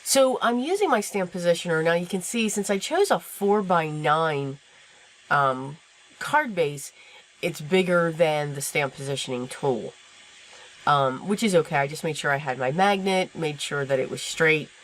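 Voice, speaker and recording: Low-voiced woman rambling through a craft voiceover, lots of ums, light hiss. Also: expressive, a little slow, poor audio. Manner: chatty, rambling, self-deprecating, many fillers. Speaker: card-making channel host. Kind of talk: casual voice-over narrating a craft tutorial. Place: home craft room. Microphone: voice-over recorded at a desk.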